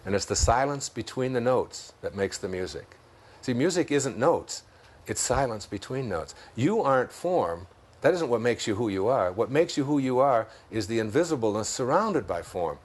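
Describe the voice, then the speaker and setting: A man's voice: medium pitch, animated. Man with a Detroit accent, musing. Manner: storytelling, chuckles often, slows down for key ideas. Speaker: interview guest. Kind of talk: reflective spiritual conversation.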